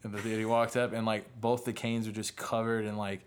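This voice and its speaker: A man's voice: on the low side, little pitch movement, normal speed, smooth. A man hosting a podcast in casual chat, rambling storyteller who swears a lot and leans on filler words. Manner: rambling, swears often, fills with "like". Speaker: podcast host, musician.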